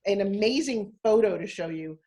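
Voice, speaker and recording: A woman's voice: medium pitch, lively intonation, normal speed, dark tone. A woman of sixty, a guest on a live video interview, talking bluntly and emphatically. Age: 60s.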